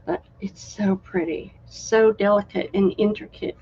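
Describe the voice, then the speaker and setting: A woman hosting a live-stream craft sale, chatty and unhurried, admiring each item as she shows it. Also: mid-range voice, steady tone, warm tone, husky, lo-fi sound. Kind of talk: live-stream sales chat.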